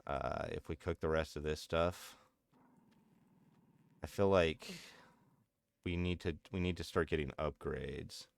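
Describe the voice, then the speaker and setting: A man's voice: very deep voice, a little slow, creaky, long pauses. A man in his thirties chatting casually and laughing often while streaming a game. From United States. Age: 30s. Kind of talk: casual gameplay commentary.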